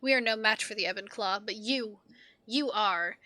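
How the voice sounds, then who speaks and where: In a dry recording with no room sound, a woman speaks in a mid-range, fairly everyday voice. She's voicing an injured young woman in hiding who begs faintly and softly, hesitating as she pleads.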